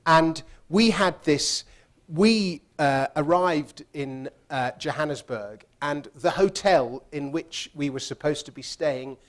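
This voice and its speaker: A man's voice: on the high side, slow pace. A man telling a funny travel story in a chatty way, laughing as he goes. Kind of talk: anecdotal storytelling talk.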